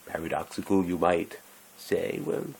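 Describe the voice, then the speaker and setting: A man's voice: low-pitched, sing-song, unhurried, gravelly, a little hiss or hum, rough recording. A man talking in a rambling, meandering way, often breaking off mid-sentence and chuckling as he goes. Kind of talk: rambling casual monologue.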